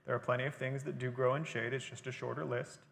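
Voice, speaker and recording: A man's voice: medium pitch, flat delivery, fast talker, vocal fry, a bit bright, in a large hall. A man giving a conversational, explanatory talk at a library. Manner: explanatory, conversational lecturing with fillers. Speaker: guest speaker. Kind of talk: library lecture on gardening.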